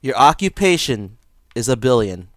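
A man's voice: mid-range voice, sing-song, normal speed, fairly bright tone, no echo. A young man hosting a gaming video, teasing another player in voice chat with a mocking, mock-polite tone. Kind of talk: casual trolling banter over game voice chat.

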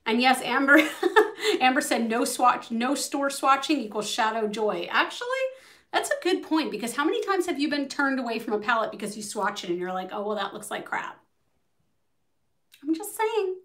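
A woman's voice: a little high, lively intonation, brisk, fairly bright tone. A young adult woman beauty vlogger chatting casually through a makeup tutorial, bubbly and swearing freely as she talks to her viewers.

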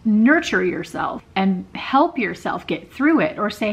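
A woman's voice: on the low side, expressive, normal speed, hardly any pauses. A woman vlogger talking candidly to camera in a conversational, personal way.

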